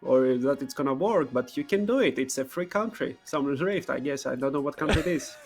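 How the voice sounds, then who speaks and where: A man's voice: medium pitch, animated, a little fast. A man giving live esports analysis, starting sentences over and slipping in wry jokes.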